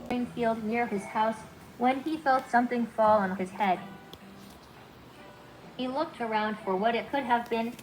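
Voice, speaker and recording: A woman's synthetic robot voice narrating children's stories in a clear, even, friendly way. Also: fairly high pitch, a little slow, pauses often, faint music behind, rough recording. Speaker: storytelling companion robot.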